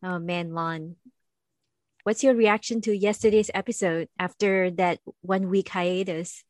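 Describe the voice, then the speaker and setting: A woman's voice: fairly low pitch, fairly even intonation, a little slow, darkish tone, no room sound, studio quality. A woman hosting a casual chat podcast, chatty and playful, laughing often. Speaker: podcast host. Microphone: close studio mic.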